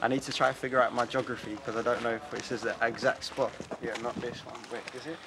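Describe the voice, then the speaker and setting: A man from Poland, chatting animatedly with lots of slang while walking through his childhood neighbourhood. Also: medium pitch. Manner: animated, slangy, quick to laugh. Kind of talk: casual walking tour chat. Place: outdoors on city streets. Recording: street noise and traffic outdoors.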